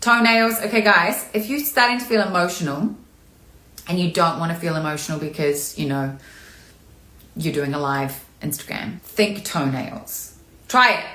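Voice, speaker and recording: A woman's voice: fairly low pitch, normal speed, bright, forceful tone. A woman acting coach talking candidly and chattily in a live-streamed Q&A, sometimes showing emotion. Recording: echoey room.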